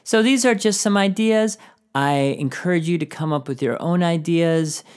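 A man's voice: on the high side, normal speed, a little mellow, clean tone. A man hosting a teaching podcast, giving encouraging classroom tips and often singing short phrases.

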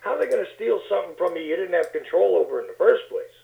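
A high-pitched, gravelly male voice comes through a tinny phone line with a roomy echo. He talks as a guest in casual political chat, sardonic and wry, stumbling over and repeating words as he works through his point. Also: expressive, quick pace. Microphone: phone call.

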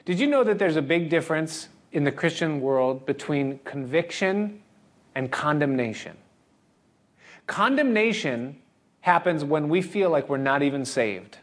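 Preaching a little slowly, a pastor with a high-leaning, animated voice addresses his congregation head-on in an earnest, expository sermon, voicing what his listeners might be thinking to themselves.

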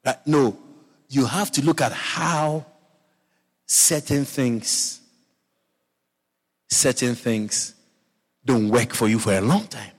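A man preaching a sermon as a pastor. He talks in a playful, animated way and often repeats words and adds asides. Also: mid-range voice, takes it slowly, pauses often, big-room sound.

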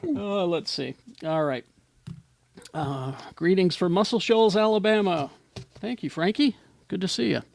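A man's voice: high voice, a little slow, vocal fry, a little mellow. A man hosting a casual live geek-culture chat show, rambling and self-deprecating, laughing often. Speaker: podcast host.

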